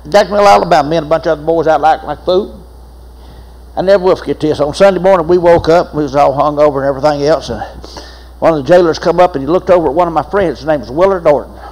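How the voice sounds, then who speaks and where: A man's voice: high voice, low-quality recording. An older man, preaching a sermon as pastor, telling folksy stories with laughs and repeated phrases.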